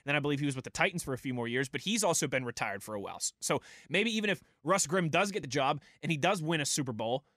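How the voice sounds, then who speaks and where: A man's voice: a little high, lively intonation, fast, hardly any pauses, fairly bright tone, dry recording, studio quality. Conversational male sports radio host. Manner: conversational, reads listener tweets aloud. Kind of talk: casual sports talk radio.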